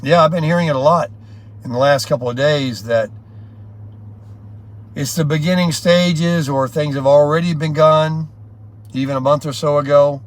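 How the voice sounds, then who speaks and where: A man's voice: fairly high pitch, fairly even intonation, normal speed, pauses often. A man talking in a casual, rambling, folksy vlog style. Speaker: vlogger.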